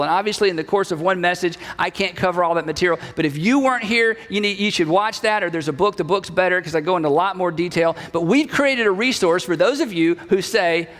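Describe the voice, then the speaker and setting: A man's voice: high voice, fairly bright tone. A middle-aged man preaching a sermon in a conversational way, repeating key phrases and acting out bits of dialogue. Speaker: pastor. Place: church sanctuary. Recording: reverberant church hall.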